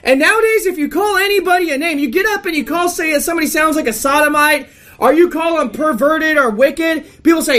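A woman's voice: high voice, fairly quick, a bit bright. A woman reading scripture and preaching an emphatic, rebuking sermon.

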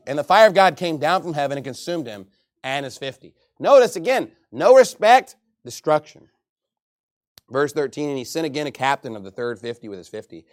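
A man's voice: on the high side, lively intonation, a little fast, dry recording. Fiery male pastor with a raised voice, mocking quoted people, preaching, dry close sound. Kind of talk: sermon.

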